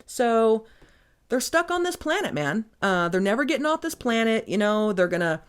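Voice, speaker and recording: A woman hosts a casual podcast, recapping a trashy book in a rambling, sarcastic tone. She swears freely and talks in a somewhat low voice. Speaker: podcast host.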